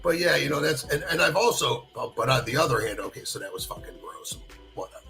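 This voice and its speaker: A man's voice: on the high side, expressive, fast, gravelly, over music, poor audio. A man co-hosting a podcast, telling a crude story in a rambling, casual way full of fillers, on a built-in device mic. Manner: rambling, many fillers and acted-out quotes. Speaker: podcast co-host. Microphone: built-in device microphone.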